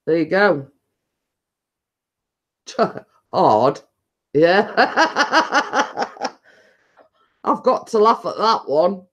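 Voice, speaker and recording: A woman's voice: medium pitch, very animated, extremely slow, pauses often, fairly bright tone. A woman with a northern English accent chatting casually on a live stream, rambling and laughing often.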